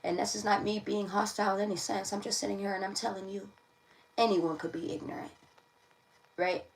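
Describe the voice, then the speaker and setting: A woman's voice: medium pitch, steady tone, fairly quick. A woman giving a casual livestream tarot reading, chatty, often repeating her phrases and laughing. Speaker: tarot reader. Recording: voice a bit distant from the mic.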